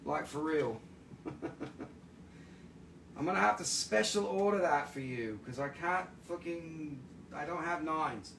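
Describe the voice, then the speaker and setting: A man's voice: on the high side, lively intonation, a little slow, creaky, long pauses, a bit bright, a little hiss or hum. A man chatting casually on a home livestream while selling gems, rambling, swearing and laughing easily. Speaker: livestream gem seller. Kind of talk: casual live-selling chat.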